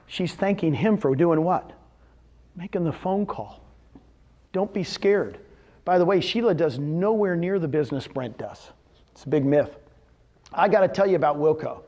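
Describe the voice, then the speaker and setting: A man's voice: on the high side, lively intonation, moderate pace, warm tone. A man speaking to a live audience at a real estate seminar, telling success stories animatedly and firing rhetorical questions at the crowd. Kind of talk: motivational talk to an audience.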